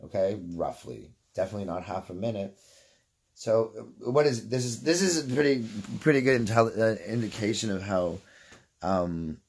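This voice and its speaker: A man's voice: on the low side, normal speed. A Canadian man telling a story casually, swearing freely and wandering off on tangents. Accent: Canadian English. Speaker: vlogger.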